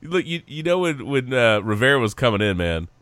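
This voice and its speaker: A man's voice: mid-range voice, brisk, a loud crowd. A man co-hosting a sports podcast in casual chat, joking and laughing often. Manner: laughs often, jokey, lively. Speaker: podcast co-host.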